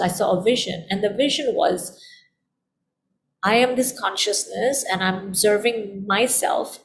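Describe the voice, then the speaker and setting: A woman's voice: medium pitch, creaky, slight background noise. A middle-aged woman, a guest in a conversation, telling a personal story in an earnest, heartfelt way and repeating phrases for emphasis.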